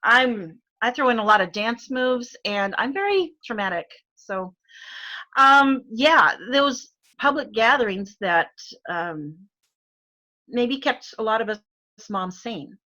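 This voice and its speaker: A woman's voice: on the high side, animated, slow pace, pushed and bright, muffled recording. A middle-aged woman from Arizona with an Arizona accent, chatting as a guest, with lots of fillers and frequent laughs. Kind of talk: casual chat.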